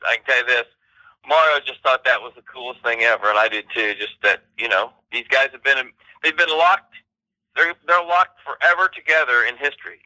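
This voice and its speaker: A man co-hosting a casual podcast chat, telling anecdotes in a lively way with quoted voices. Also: mid-range voice, no room sound, rough recording. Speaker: co-host.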